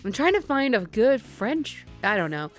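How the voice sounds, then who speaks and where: A woman's voice: on the high side, very animated, moderate pace. A woman hosting a game let's play, chatting casually with profane, giggly, rambling asides. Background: game music.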